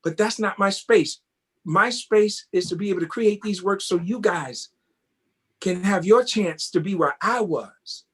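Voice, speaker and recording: Brief: man, fairly high voice, animated interview guest, casual storyteller. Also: unhurried, slightly rough. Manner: animated, keeps asking "you know what I mean?". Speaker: guest, tap dancer.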